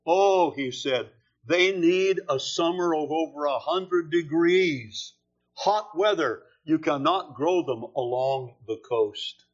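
A male preacher works through scripture at an unhurried, deliberate pace, leaning hard on key phrases for emphasis. His voice sits a bit higher than most men's. The recording is dull and lo-fi. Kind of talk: expository sermon.

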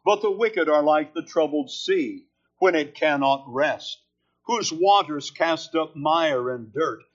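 Slow, deliberate male preacher. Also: a little high. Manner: slow, deliberate, emphatic phrasing. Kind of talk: expository sermon. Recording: dull lo-fi sermon recording.

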